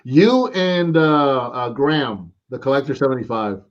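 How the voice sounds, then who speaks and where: A man's voice: mid-range voice, expressive, measured pace, dull audio. An American man chatting casually on a live stream about toy collecting, rambling and saying "man" a lot. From United States. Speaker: co-host.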